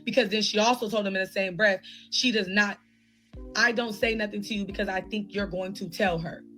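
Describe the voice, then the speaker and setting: A woman tells a personal story, heated and animated, acting out both sides of a conversation. Faint music plays underneath. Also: medium pitch, a little fast, poor audio. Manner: animated, heated retelling with quoted dialogue. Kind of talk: casual storytime.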